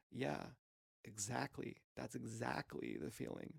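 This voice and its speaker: A man's voice: medium pitch, unhurried, creaky, a little mellow, no echo, studio quality. A man rambling through a meandering, profane, self-questioning monologue as a streamer.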